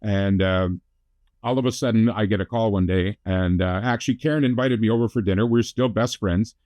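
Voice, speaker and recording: A man's voice: fairly low pitch, darkish tone, dry recording. A middle-aged man from Canada, telling his life story as a talk-show guest with self-deprecating jokes. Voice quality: jokey self-deprecating storyteller, quick asides. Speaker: guest, motivational speaker.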